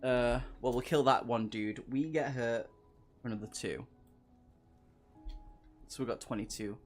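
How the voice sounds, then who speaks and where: A man's voice: mid-range voice, a little slow, soft background music. A man streaming a gamebook playthrough, reading aloud and chatting with viewers, laughing often. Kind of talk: live-stream reading and chat.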